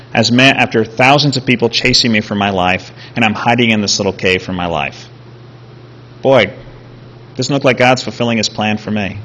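A man preaching a sermon, retelling a scripture story with animated, acted-out quotes. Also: medium pitch. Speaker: pastor.

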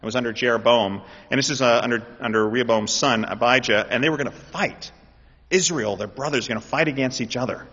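A man preaching a sermon, shifting between explaining and loud, impassioned pleas. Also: mid-range voice, brisk, slightly rough. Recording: dull audio in a reverberant hall.

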